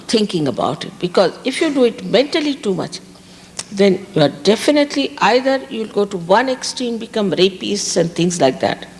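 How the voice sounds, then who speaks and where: A woman's voice: mid-range voice, in a large hall. Emphatic woman giving a spiritual talk. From India. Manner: emphatic, repeats key words. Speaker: spiritual teacher. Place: outdoor park gathering.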